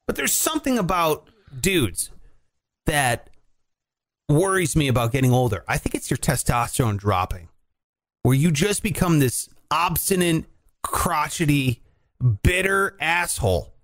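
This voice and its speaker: A man with a high voice rants on a casual talk podcast, swearing freely and getting more worked up as he goes. His delivery is loose and conversational, into a studio mic. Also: unhurried. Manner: profane, animated ranting.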